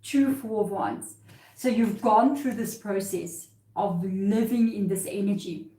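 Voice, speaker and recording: Woman tarot reader, earnest and emotional, mid-pitched, recorded in an echoey room. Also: measured pace, dark tone. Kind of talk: live tarot reading.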